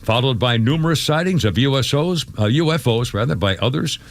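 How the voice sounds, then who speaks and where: A man's voice: mid-range voice, animated, fairly quick, gravelly, no room sound. A man hosting a radio talk show, chatting casually with callers and a co-host, with frequent restarts and laughter.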